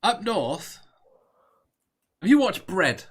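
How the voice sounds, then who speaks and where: A man's voice: high voice, takes it slowly, husky. A man from northern England chatting casually, laughing often. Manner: giggly, lively. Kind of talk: casual chat.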